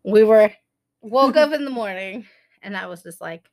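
A woman's voice: mid-range voice, animated, normal speed, a little mellow. A woman in her thirties co-hosting a podcast, telling a story in casual chat with lots of laughter and acted-out quotes. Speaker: podcast co-host.

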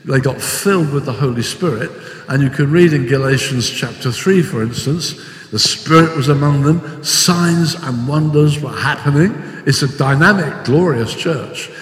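An older man preaching a sermon with animated storytelling, acting out the voices he quotes. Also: fairly high pitch, normal speed. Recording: echoey hall with long reverb.

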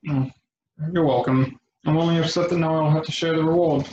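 Man voicing a grudging woman fighter, quick clipped lines, roomy lo-fi sound, faint hiss. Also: on the high side, fairly even intonation, darkish tone, lightly acted. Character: gruff axe-wielding woman warrior. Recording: echoey, dull lo-fi room.

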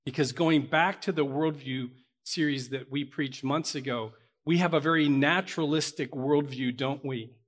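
A man's voice: on the high side, fairly even intonation, normal speed. A man preaching a sermon to his church, earnest and building to emphatic peaks. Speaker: pastor.

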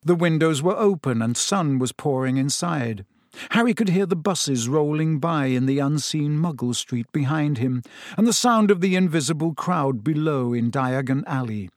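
A man narrating an audiobook in a steady storytelling voice, recorded on a close studio mic. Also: on the high side, moderate pace, no echo. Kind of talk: scripted narration.

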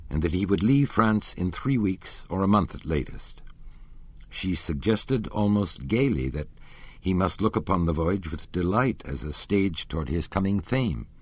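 A man narrating a classic novel as an audiobook in a measured storytelling manner. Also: low-pitched, lively intonation, darkish tone, slightly rough, no echo. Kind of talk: scripted narration.

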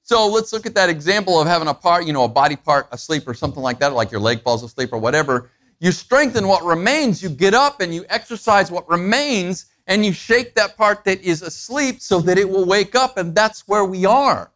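A man preaching a sermon in a conversational way, asking his listeners questions and acting out everyday moments. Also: fairly quick. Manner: acts out everyday moments with animated pitch jumps. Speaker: pastor.

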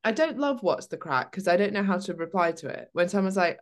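A woman's voice: medium pitch, expressive, a little fast. A woman, a fitness coach co-hosting a podcast, chatting casually and giving practical advice.

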